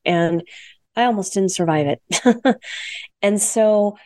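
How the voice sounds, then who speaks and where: A woman's voice: medium pitch, takes it slowly, pauses often, darkish tone. A woman co-hosting a health radio show, talking frankly and emphatically and repeating phrases for stress. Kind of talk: candid health talk.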